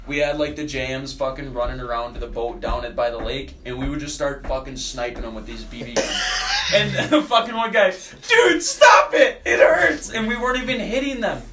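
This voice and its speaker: A man's voice: medium pitch, distant mic, noisy background. A man rambling through a crude story in casual podcast chat, laughing along.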